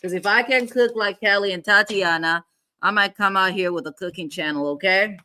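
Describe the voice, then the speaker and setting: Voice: medium pitch, moderate pace, sharp tone. A livestream host giving casual, rambling reaction commentary and chatting directly with viewers.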